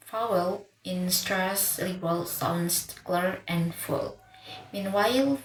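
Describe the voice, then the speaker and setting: A woman teaches pronunciation in a slow, deliberate voice, often stopping to restart or repeat a word. Her voice sits at a middle pitch. The room is echoey, with a faint hum of ambience behind her. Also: a bit bright. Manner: restarts words, repeats them while reading notes. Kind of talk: slow, careful lesson delivery.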